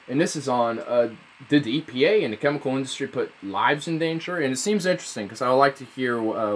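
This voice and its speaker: A young man rambling through a casual vlog, swearing a lot, sarcastic and prone to sudden loud high outbursts. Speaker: vlogger.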